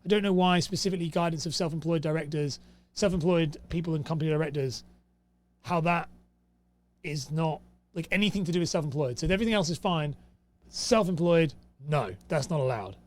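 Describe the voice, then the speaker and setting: A young male host with a fairly high voice speaks briskly and casually to the camera. He reads rules aloud and responds to each with dry, exasperated sarcasm.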